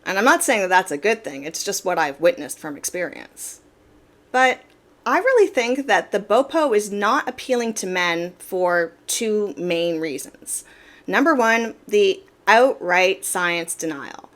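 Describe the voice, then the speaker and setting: This is a woman talking straight to her audience in a casual commentary. Her pitch sits right in the middle of the usual range. She explains herself plainly and leans on repeated words to drive her points home. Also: lively intonation, a little slow, fairly bright tone. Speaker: commentary channel host.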